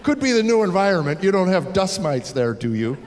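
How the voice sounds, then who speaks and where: A man's voice: sits high, big pitch swings, fairly quick, crowd noise, background noise. A man in his sixties doing a stand-up comedy set, telling wry stories and acting out voices. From United States. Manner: wry storytelling with acted-out voices. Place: theater stage before a live audience. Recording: live hall with audience laughter.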